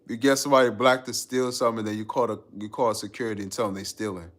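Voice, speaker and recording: On a casual live stream, a man with a medium-pitched voice reads viewer comments out loud. He riffs on them in an easygoing, slangy style and frequently laughs.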